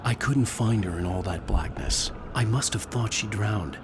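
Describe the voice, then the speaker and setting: A man's voice: fairly low pitch, normal speed, natural voice. An actor playing a haunted male novelist, narrating in a grave, reflective way over game music. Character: haunted male novelist searching for his lost wife. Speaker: narrator and lead character. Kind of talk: video game voice acting.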